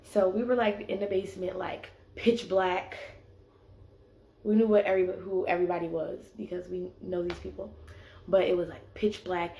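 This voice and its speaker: In an echoey room, a young woman tells a personal story in a chatty way, leaning on "like" as filler. Her voice is fairly low and a little mellow.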